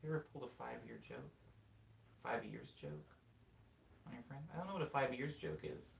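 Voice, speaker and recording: A young man chats casually on a livestream, laughing as he rambles through anecdotes. His voice swings widely in pitch. He sits back from the mic in a roomy space with a faint hiss underneath. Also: moderate pace, gravelly, recorded from a distance. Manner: rambling, laughs often, animated storytelling. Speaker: livestream host reading chat. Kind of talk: casual chat.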